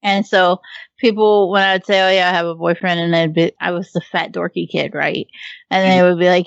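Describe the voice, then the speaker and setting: A woman's voice: on the low side, fairly even intonation, a little fast, gravelly, smooth, dry recording, dull audio. A woman, chatting casually on a podcast and telling candid, self-mocking stories between laughs. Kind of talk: casual chat.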